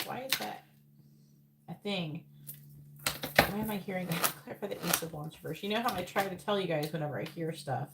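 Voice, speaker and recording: A woman's voice: lowish voice, creaky. A woman giving a live tarot reading, calling out cards in a murmur and breaking into incredulous asides. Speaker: psychic tarot reader. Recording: loud background noise.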